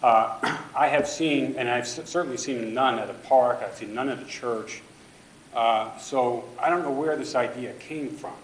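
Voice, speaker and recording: In an echoey council chamber, a man delivers public comment at a city council meeting, pressing pointed objections with emphasis. His mid-range voice is unhurried, with slight background noise in the recording.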